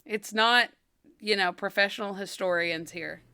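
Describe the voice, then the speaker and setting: A woman's voice: mid-range voice, a little slow, creaky, pushed and bright, smooth, dry recording. Jokey, self-deprecating woman co-host. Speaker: podcast co-host. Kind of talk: casual podcast chat.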